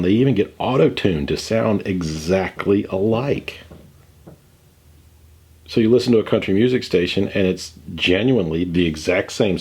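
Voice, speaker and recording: Guy in his 40s, low husky voice, sarcastic chatty reaction host, a bit theatrical. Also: a little mellow. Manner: wry, sarcastic, playfully theatrical asides. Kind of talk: casual reaction commentary.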